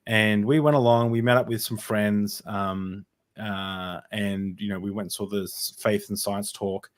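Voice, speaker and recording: Rambling man telling his story, low voice. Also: steady tone. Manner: rambling, halting, with many fillers and restarts. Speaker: podcast guest. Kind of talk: casual personal storytelling in an interview.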